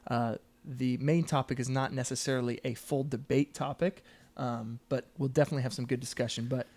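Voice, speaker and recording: A man's voice: mid-range voice, fairly even intonation, brisk, darkish tone. Eager joking young man. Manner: enthusiastic, joking, stumbles and restarts. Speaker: podcast co-host. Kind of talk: casual sports chat.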